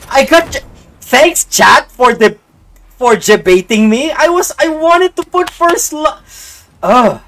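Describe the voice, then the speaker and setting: A young man giving casual live-stream commentary as he plays, excitable, swinging from low mumbling to sudden outbursts. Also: takes it slowly. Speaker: game streamer.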